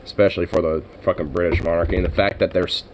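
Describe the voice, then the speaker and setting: A man's voice: deep voice, steady tone, quick pace, background noise. An American man ranting casually with constant swearing, frequent laughter and lots of fillers like "like" and "you know". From United States. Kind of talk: casual profane rant.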